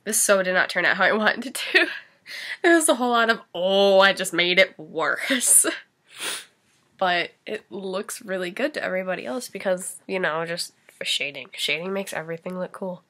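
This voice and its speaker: A woman's voice: medium pitch, animated, normal speed, bright, forceful tone. A young woman chatting casually through a makeup tutorial, rambling and giggly with lots of likes and ums, a bit sniffly. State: face-painted, sniffly and sneezing. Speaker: makeup vlogger.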